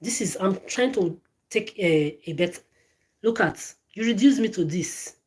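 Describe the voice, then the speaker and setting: A woman's voice: mid-range voice, lively intonation, measured pace, darkish tone. Swearing, stammering woman ranting. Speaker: vlogger. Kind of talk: angry direct-to-camera rant. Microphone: phone.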